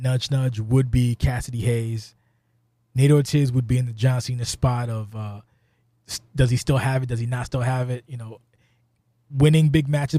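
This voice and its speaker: A man's voice: medium pitch, warm tone, no echo, studio quality. A man hosting a podcast, talking loosely and profanely, rambling with sudden exasperated outbursts. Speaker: podcast host. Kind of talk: casual podcast chat.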